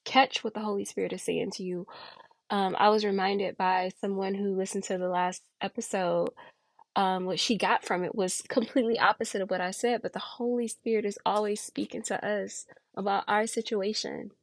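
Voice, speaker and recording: A woman's voice: mid-range voice, fairly even intonation, normal speed, no echo. A woman in her thirties hosting a faith podcast, speaking earnestly and preachily, with many rhetorical questions. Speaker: podcast host.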